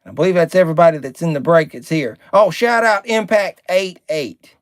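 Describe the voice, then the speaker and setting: A man's voice: a little high, animated, moderate pace, no echo. A man hosting a live card break stream, chatting, reading out names and card numbers, and sometimes getting irritated.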